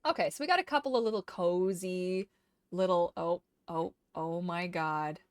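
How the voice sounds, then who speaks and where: A woman's voice: lowish voice, normal speed, no room sound, studio quality. Woman streamer cooing at her dog. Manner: doting baby talk to her dog between game remarks. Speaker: gaming streamer. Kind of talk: casual gameplay chat.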